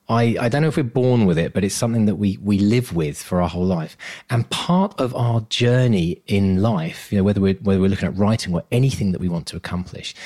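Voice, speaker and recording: A man's voice: lowish voice, a little mellow. A man co-hosting a podcast as a coach, talking in an earnest, motivational way and laughing often. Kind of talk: casual chat.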